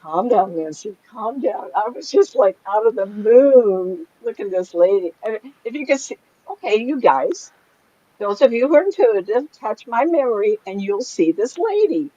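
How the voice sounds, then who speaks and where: A woman's voice: a little high, sing-song, normal speed, mellow. A middle-aged woman, a psychic medium, telling stories in a casual chat and laughing often. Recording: slightly dull lo-fi sound.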